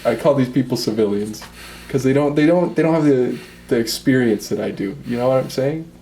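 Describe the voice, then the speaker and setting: A man's voice: mid-range voice, fairly quick, dark tone, lightly acted. A man playing a defensive, rambling fisherman being interviewed in an improvised comedy sketch, who says "okay" constantly. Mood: boastful. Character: brash touchy fisherman guest, male, young adult. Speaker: interview guest. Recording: echoey room, mic far off, faint noise.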